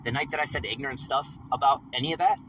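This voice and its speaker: Sitting in a vehicle after work, a man rants through a rambling vlog, agitated and profane, repeating himself as he tells his story. His medium-pitched voice holds a steady tone at a quick pace, picked up by a distant mic with faint vehicle noise.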